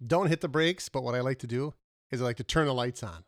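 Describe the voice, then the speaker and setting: A man co-hosting a casual comedy podcast, telling animated stories with laughs and fillers. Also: mid-range voice, fast talker, no echo, studio quality. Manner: animated storyteller, laughs often, trails off with fillers. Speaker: podcast co-host.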